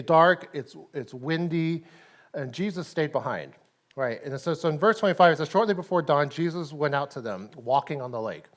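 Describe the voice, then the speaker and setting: A man with a Texan accent delivers a relaxed, conversational sermon at a church service. His voice sits fairly high, and he laughs easily and tosses in "right?" to keep the congregation with him. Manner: chatty, laughs often, says "right?" a lot. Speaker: pastor.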